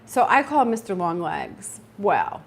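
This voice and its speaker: A woman's voice: on the low side, measured pace, vocal fry, a little hiss or hum. A middle-aged woman hosting a homesteading livestream, talking casually and acting out her own reactions as she tells stories. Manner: chatty and animated, acts out her own reactions. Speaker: homesteading channel host.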